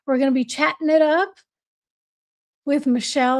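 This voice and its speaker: A woman's voice: high-pitched, steady tone, moderate pace. A woman hosting a casual livestream, chatty and bubbly, reading viewer comments aloud and greeting viewers by name, laughing easily. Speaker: livestream host.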